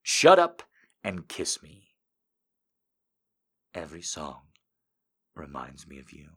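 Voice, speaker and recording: A man putting on a deep, murmuring seductive lover. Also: wildly swooping pitch, slow, fairly bright tone, slightly rough, heavily acted. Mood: sultry. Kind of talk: reading viewer quotes in a put-on voice.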